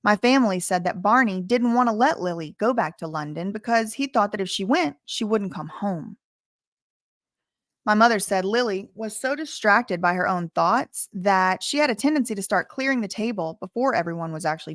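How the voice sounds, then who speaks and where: A woman's voice: mid-range voice, no echo, studio quality. A woman reading a memoir aloud and breaking off into casual spoken asides. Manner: reads passages then breaks off into chatty asides.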